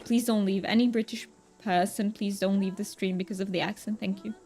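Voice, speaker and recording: A woman's voice: medium pitch, fairly even intonation, brisk, mellow. A woman streamer chatting casually while gaming, reading her chat aloud, answering viewers and laughing often.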